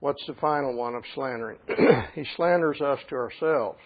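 A man preaching a sermon as a pastor, shifting between quiet storytelling and loud, emphatic passages. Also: mid-range voice, normal speed. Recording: tinny phone-like sound.

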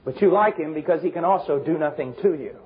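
A man preaching a fervent sermon, swinging between shouted emphasis and low, intense passages. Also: quick pace, slight background noise. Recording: dull lo-fi recording.

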